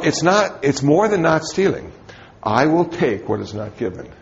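A man's voice: mid-range voice, highs cut off. A man, a Buddhist teacher, giving a dharma talk to a group in a conversational, humorous storytelling manner.

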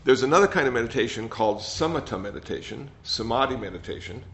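An older man, a meditation teacher, giving a gentle, rambling dharma talk that often repeats words. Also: medium pitch, expressive, fast. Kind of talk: dharma talk with audience questions. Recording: slightly dull sound, faint noise.

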